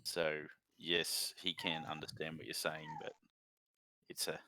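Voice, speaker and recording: A man playing a tabletop game, calmly explaining his character. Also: very deep voice, a little slow, no echo. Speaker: player. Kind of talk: casual game chat.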